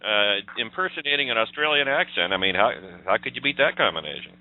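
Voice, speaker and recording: A man co-hosting a casual political chat, with mocking sarcasm and a quick laugh. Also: mid-range voice, expressive. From United States. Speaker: co-host. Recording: dry, phone-like sound.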